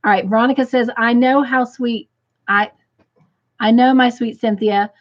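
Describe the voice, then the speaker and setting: A woman hosting a crochet live stream, reading viewer comments aloud and gushing with excitement. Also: a little high, moderate pace, highs cut off.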